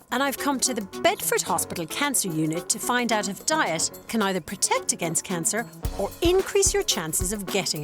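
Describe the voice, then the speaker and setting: A woman doctor presenting a health programme, asking questions in an inquisitive presenting tone and explaining findings. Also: mid-range voice. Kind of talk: presenter to camera and interviewer.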